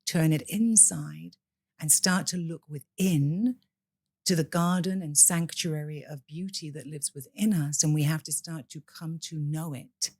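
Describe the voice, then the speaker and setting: A woman's voice: sits low, measured pace, darkish tone, husky, no echo. A woman from the UK, a priestess guest in a podcast interview, speaking in an impassioned, preacher-like way.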